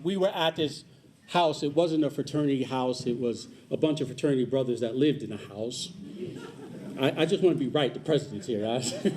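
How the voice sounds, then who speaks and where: A man's voice: fairly high pitch, darkish tone, a little hiss or hum. A man giving a public speech at a community celebration, telling a personal story with joking asides to the audience and repeating his key points. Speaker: guest speaker at a community celebration.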